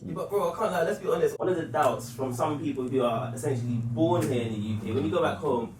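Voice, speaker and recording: Fast-talking man in a roomy space. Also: a little high, darkish tone. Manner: casual, slangy, questioning. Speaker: interviewer. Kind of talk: casual podcast conversation. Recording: roomy, distant mic, faint background noise.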